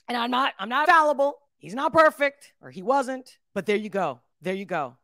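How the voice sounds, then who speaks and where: Woman doing a reaction vid, lively swooping voice, dry close sound, goes loud then quiet. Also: fairly high pitch, moderate pace, few pauses, no echo. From Philadelphia. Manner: animated, talks straight to viewers, swings from loud to hushed. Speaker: reaction video host. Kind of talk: casual reaction commentary.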